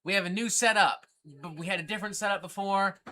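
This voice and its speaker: A man's voice: sits high, steady tone, fast, pushed and bright, slight background noise. A man hosting a casual livestream from a record store, rambling and swearing as he jokes around. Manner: rambling, profane, jokey. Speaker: livestream host.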